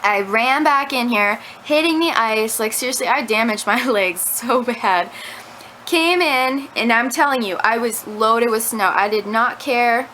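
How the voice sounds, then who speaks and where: A woman's voice: a little high, a little slow, bright, forceful tone, a little hiss or hum, low-quality recording. A young woman telling a rambling story to her camera at home, full of "like" fillers. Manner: chatty, rambling, lots of "like" fillers. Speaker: vlogger. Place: at home indoors. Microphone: camera mic.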